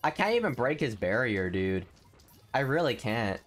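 Excitable young man narrating gameplay. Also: mid-range voice, moderate pace, soft background music. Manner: excitable, swings from grumbling to shouting. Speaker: gaming video host. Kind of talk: casual gameplay commentary.

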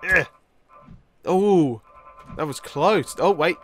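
A young man giving rambling, tired let's-play commentary, with many fillers and sudden excited outbursts. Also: medium pitch, unhurried. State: tired, yawning. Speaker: gaming YouTuber.

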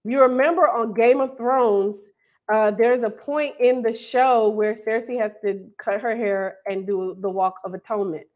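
Lively woman hosting a live stream. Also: fairly high pitch, normal speed. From North Carolina. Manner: animated, laughs often, reads out viewers' names. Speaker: host of an online hair school livestream. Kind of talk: casual live-stream chat.

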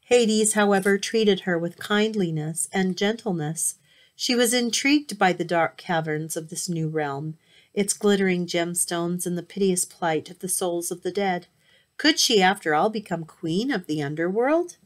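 A woman reading a myth aloud as a storybook, expressive with occasional slips and restarts. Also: lowish voice, unhurried.

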